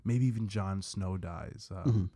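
Low-voiced man, easygoing and hesitant. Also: takes it slowly, dark tone, dry recording, studio quality. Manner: easygoing, hesitant, many fillers. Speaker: podcast co-host. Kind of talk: casual chat.

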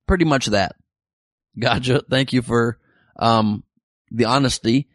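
A man's voice: mid-range voice, expressive, unhurried, a bit bright, dry recording, studio quality. A man hosting a comedic weekly news podcast, reading listener messages with jokey, irreverent asides. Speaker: podcast host.

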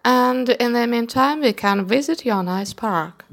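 Brief: a woman doing a friendly, admiring king, slow and gravelly storybook read. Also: fairly high pitch. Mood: pleased. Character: pleased old male king, genial. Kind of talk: storybook reading.

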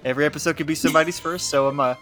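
A man's voice: fairly high pitch, racing, faint music behind. Laid-back male podcast host. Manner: relaxed, laughing, filler-heavy. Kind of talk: casual podcast chat.

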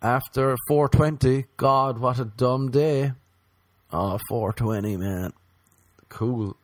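A man's voice: mid-range voice, slow, no room sound. A man hosting a podcast, rambling through a crude, sarcastic comedy monologue and slipping into mocking voices. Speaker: podcast host.

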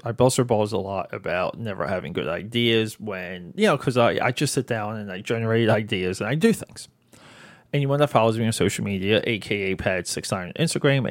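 Energetic man hosting a solo podcast. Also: medium pitch, dry recording. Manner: energetic, rambling, hype-building. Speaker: podcast host. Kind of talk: casual solo podcast monologue.

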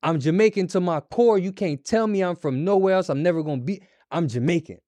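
Brief: man, slightly high voice, chatty storyteller, dry sound. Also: a little fast, mellow, dry recording. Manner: storytelling, acts out quotes of others. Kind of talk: casual podcast discussion.

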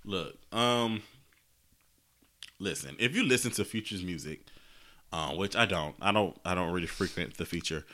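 A man co-hosting a casual podcast, animated and quick to laugh, with his voice jumping high when he makes a point. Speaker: podcast co-host. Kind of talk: casual chat.

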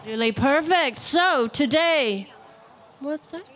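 High-voiced playful woman hosting a game. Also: lively intonation, slow pace, fairly bright tone. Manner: playful and upbeat, laughs often. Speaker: game host at an outdoor live radio broadcast. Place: outdoors at a street broadcast.

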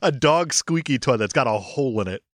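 A man co-hosting a podcast, chatting casually and making sarcastic jokes with quick asides. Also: mid-range voice, animated, no room sound, clean studio sound. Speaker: podcast co-host. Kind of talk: casual comedy chat.

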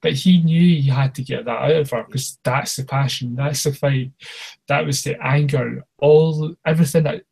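A man in his thirties co-hosts a fan podcast in casual chat. His voice is gravelly and raspy at a middle pitch. He rambles eagerly and often restarts his sentences. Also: fairly even intonation, normal speed, darkish tone. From outside the United States. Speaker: podcast co-host.

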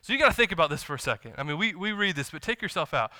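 A male pastor delivers a casual, animated sermon in a bright, clear voice that sits slightly high. The sound is close and dry. He reads scripture aloud and slips into quick bits of acted dialogue. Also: dry recording. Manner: conversational and animated, quoting scripture and acting out dialogue. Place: church.

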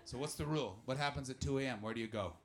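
At a live comedy venue with an audience, a man does stand-up and chats with the crowd in a medium-pitched voice at a racing pace. His delivery is animated and full of swearing, swinging between shouting and muttering.

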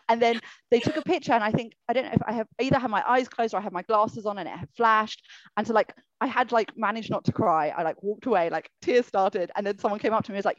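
A woman fan excitedly telling a breathless story in a casual way. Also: on the high side, fast, no echo. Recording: dull, dry lo-fi recording.

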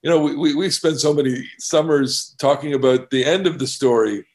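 A man discussing scripture in a group study, talking in a halting way with many restarts. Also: fairly high pitch, a little mellow.

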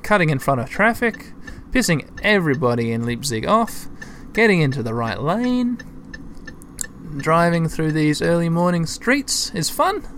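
A man's voice: fairly high pitch, very animated, unhurried, a bit bright, slight background noise. A man giving casual gameplay commentary as a let's-play host, chatty and thinking aloud as he talks to his listeners.

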